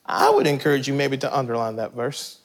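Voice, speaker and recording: A pastor preaching a conversational, animated sermon, reading scripture and talking directly to the congregation. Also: male voice, medium pitch, a little fast.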